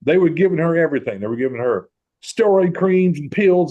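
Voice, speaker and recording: A man hosting a group talk tells a personal story in a fairly high voice at a fairly quick pace, with lo-fi sound. He's animated, acting out the voices of the people he quotes.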